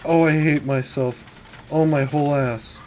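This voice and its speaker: A gaming YouTuber with a slightly high, darkish voice comments on a horror game at a measured pace with fairly even intonation, and there's slight background noise. He talks jittery and nervous, sliding from mumbled worry into sudden swearing, sometimes dropping to a whisper.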